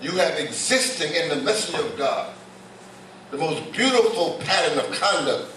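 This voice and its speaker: An older man preaches as an imam, restarting and repeating words as he explains scripture to his congregation. His voice sits a little high for a man. The recording is roomy and distant, with a faint hum of the hall behind him. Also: animated, normal speed, a bit bright. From United States. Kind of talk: sermon. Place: large mosque prayer hall. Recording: echoey hall recording from far off.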